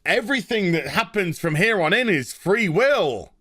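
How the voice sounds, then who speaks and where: An English man voicing a calm, scheming male keeper of time, slowly explaining a choice. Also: high voice, slightly rough, exaggerated voice. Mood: persuasive.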